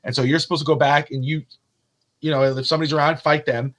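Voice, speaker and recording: A man with a somewhat high voice talks sports on a podcast in a relaxed, chatty register. He tells stories with energy and swears a lot, jumping from one idea to the next. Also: quick pace. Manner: animated, profane storyteller. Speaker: podcast co-host. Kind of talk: casual sports chat.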